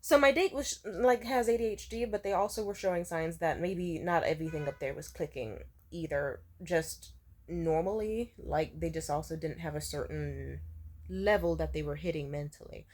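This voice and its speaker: A woman's voice: low-pitched, moderate pace, a little mellow. A young woman in her twenties talking straight to camera in a loose, rambling storytime vlog. She swears freely and sounds exasperated as she tells the story. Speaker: vlogger.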